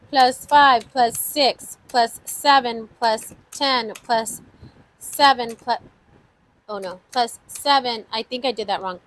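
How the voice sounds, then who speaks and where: In her laid-back savings-challenge vlog, a budgeting channel host talks to viewers at an unhurried pace, slowly counting out numbers and frequently breaking into exclamations. Her voice sits a little high with a fairly bright tone, and the recording is rough.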